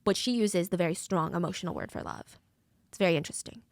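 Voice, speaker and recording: A woman's voice: on the low side, dry recording, clean studio sound. A woman narrating a true crime story in a dramatic, conversational way, played from a video. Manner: fast, dramatic, conversational retelling.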